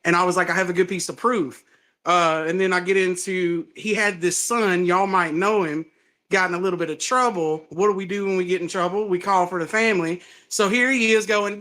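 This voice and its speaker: A man with a Southern US accent, a stand-up comedian chatting casually and acting out his stories with lots of laughter. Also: high voice. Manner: animated storytelling, laughs often, acts out quotes. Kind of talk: casual chat.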